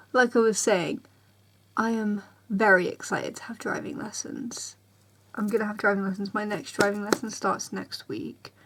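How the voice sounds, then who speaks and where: A young woman, chatting casually to camera in her bedroom, tired and rambling, sometimes dropping to a soft near-whisper. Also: mid-range voice. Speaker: vlogger.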